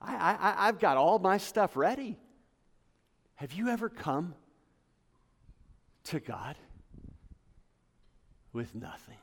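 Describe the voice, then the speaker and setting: A man preaching a sermon to his congregation, building to emphatic peaks and dropping to quiet asides. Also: sing-song, slow, vocal fry, pauses often. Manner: passionate, rising to emphatic peaks then dropping low. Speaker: pastor. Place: church hall with congregation. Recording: long hall reverb.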